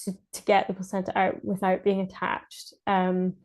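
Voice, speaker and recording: A Scottish woman recounts her story as a podcast guest in relaxed, unscripted speech. She hesitates a lot and restarts her sentences, with laughs slipping in. Her pitch stays fairly level and even throughout. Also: moderate pace. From Scotland. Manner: hesitant, many fillers and restarts, laughs often. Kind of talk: casual spoken birth story.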